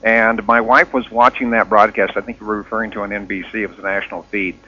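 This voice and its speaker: A man's voice: on the low side, level tone, quick pace, sharp tone. A man calling in to a radio talk show, talking hesitantly with frequent fillers. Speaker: caller. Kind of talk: call-in radio chat. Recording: dull lo-fi radio call.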